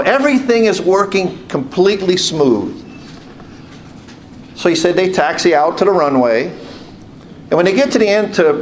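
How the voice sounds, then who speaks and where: A man's voice: a little high, slight background noise. A man, a deacon telling a rambling story in a homily and repeating "he said" as he goes. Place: church.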